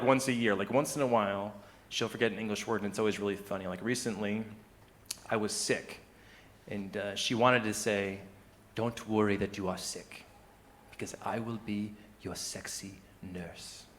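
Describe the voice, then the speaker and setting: Man, stand-up comedian, bright forceful voice, animated storytelling, stage mic. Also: lowish voice, slight background noise. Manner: animated storytelling, swings between hushed and loud.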